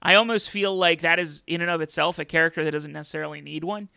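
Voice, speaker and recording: A man's voice: on the high side, fairly even intonation, quick pace, vocal fry, pushed and bright, clear, resonant tone, no echo. A man hosting a casual wrestling podcast, chatty, with many fillers and restarts. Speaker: podcast host.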